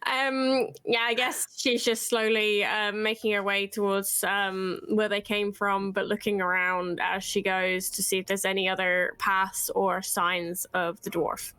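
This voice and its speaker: A woman playing a tabletop game, describing her character's actions in an unhurried, hesitant way with fillers. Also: mid-range voice, flat delivery, bright, forceful tone, clear, resonant tone, no room sound. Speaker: player.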